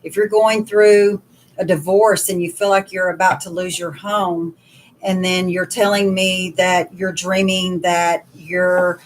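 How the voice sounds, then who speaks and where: A woman's voice: on the low side, a little hiss or hum. A woman co-hosting a casual spiritual livestream, explaining her dream work in an earnest way. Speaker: dream worker and co-host.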